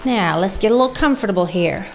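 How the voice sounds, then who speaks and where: A woman's voice: medium pitch, animated, fast talker, faint music behind. A woman leading a guided workout class as fitness instructor, coaching moves and counting reps aloud.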